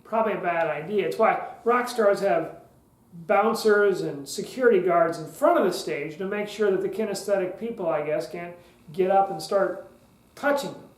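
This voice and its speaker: A man's voice: high voice, normal speed, roomy sound, poor audio. A man hosting a podcast lesson on public speaking, talking in a conversational way with joking asides.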